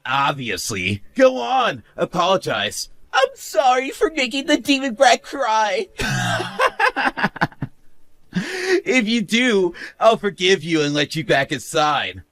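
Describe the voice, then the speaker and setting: A man's voice: sits high, very animated, measured pace, dry recording, exaggerated voice. A man voicing a smug, cruel young husband who mocks his wife and laughs at her. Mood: gloating. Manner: sneering, mocking laughs, shouts. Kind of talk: animated story narration.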